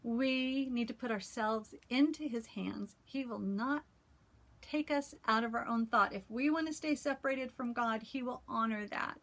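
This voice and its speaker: A woman vlogger reading scripture and talking it through in a casual, heartfelt way, pausing often with "um". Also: on the high side, fairly bright tone. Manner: earnest, heartfelt, many "um" pauses. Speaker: cross-stitch vlogger.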